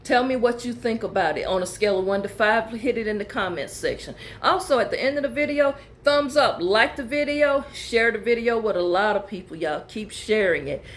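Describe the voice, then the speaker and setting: Chatty animated woman pastor vlogging. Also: fairly high pitch, brisk, hardly any pauses. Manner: chatty, animated, calls viewers y'all and girl. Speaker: pastor and channel host. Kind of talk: casual vlog talk, reading viewer emails aloud.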